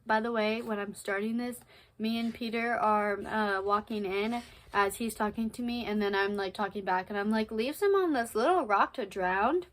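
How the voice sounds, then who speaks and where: A woman's voice: medium pitch, poor audio. A woman vlogging casually at home, rambling with lots of fillers as she moves around and sometimes steps away from the camera. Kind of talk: casual vlog chat. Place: at home by a Christmas tree.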